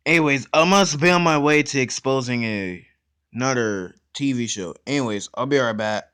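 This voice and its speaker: A man hosting a casual reaction video, excitable and blunt, talking in slang straight to his viewers and cutting in often to comment. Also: medium pitch, moderate pace, smooth. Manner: excitable, blunt and profane, keeps interrupting with "hold up".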